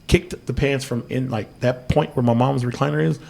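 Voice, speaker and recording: A man hosting a podcast, telling a story in a loose, profane, animated way and dropping "yo" constantly. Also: mid-range voice, normal speed, gravelly. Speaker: podcast host. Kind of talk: casual storytelling chat.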